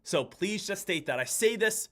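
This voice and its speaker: A man's voice: sits high, expressive, moderate pace, bright, forceful tone. A man hosting a live day-trading stream, giving urgent, repetitive commentary and addressing viewers as guys. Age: adult. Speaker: day trader hosting a livestream.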